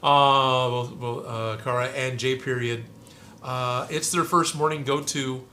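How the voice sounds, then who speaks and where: A man's voice: mid-range voice, steady tone, measured pace, pushed and bright, a little hiss or hum. A man hosting a casual maker livestream from his workshop, chatting and reading out viewer comments.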